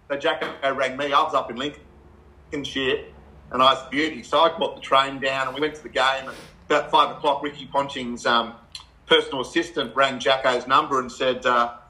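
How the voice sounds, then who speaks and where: A middle-aged Australian man, a guest in a casual chat, telling animated stories with laughs and acted-out quotes. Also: medium pitch, low-quality recording.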